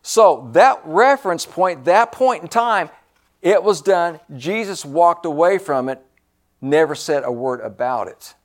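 Preacher guy, kinda high voice, slow and drawn out, repeats stuff, goes loud then quiet. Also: expressive. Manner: emphatic, repeats phrases, swings from loud to hushed. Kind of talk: sermon.

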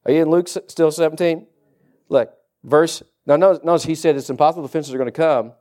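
Fervent male preacher, high voice. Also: steady tone, quick pace. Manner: reads scripture aloud, rising to loud fervent preaching. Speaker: pastor. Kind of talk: sermon.

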